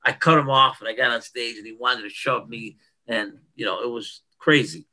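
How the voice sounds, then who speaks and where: An older man, a guest on a podcast, telling stories in a casual interview. He is animated and emphatic, and he often repeats himself for effect. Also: mid-range voice, moderate pace, low-quality recording. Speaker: guest, retired bodybuilder. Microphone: podcast microphone.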